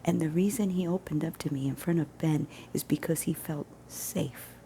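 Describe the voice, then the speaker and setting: A woman telling a personal story in a casual vlog, earnest and emphatic, often dropping to a hushed near-whisper. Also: low-pitched, normal speed, a little hiss or hum. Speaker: vlogger.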